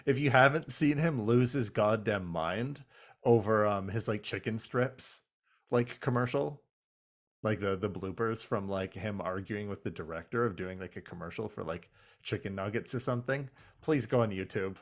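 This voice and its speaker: A man's voice: fairly low pitch, normal speed. A man co-hosting a podcast, casually recapping a cartoon with crude jokes and frequent laughter. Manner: laughing, crude jokey retelling. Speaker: podcast co-host.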